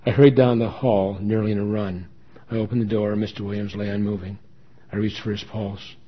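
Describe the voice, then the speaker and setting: A man's voice: lowish voice, little pitch movement, brisk, a little hiss or hum. A man reading a dramatic first-person story with earnest emotion. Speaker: story reader. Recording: dull lo-fi recording.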